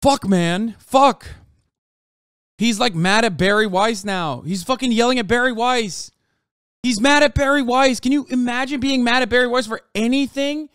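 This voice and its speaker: A man's voice: extremely high pitch, normal speed, a bit bright, clear, resonant tone, no echo, clean studio sound. A man streaming live, reacting to news clips with heated, profane rants.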